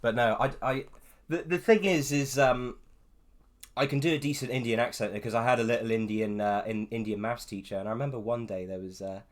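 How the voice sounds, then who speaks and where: A man's voice: medium pitch, brisk. A man from England chatting casually on a judging panel, rambling through anecdotes with lots of restarts. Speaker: judge on an art contest panel. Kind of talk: casual group chat.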